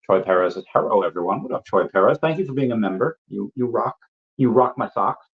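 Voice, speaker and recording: A man's voice: fairly low pitch, a little fast. A man hosting a casual livestream, reading viewer comments aloud and answering them with playful asides. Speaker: livestream host. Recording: dull lo-fi stream audio.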